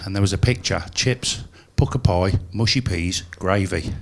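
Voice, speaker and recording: A man's voice: low-pitched, normal speed, gravelly. A man performing a chatty, self-mocking stand-up set at a live venue. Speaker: stand-up comedian.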